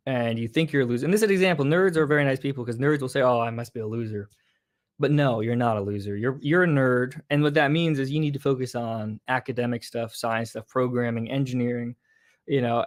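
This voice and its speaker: A man talking casually on an online show, deadpan and blunt, repeating his points flatly. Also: medium pitch. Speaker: show guest explaining a theory.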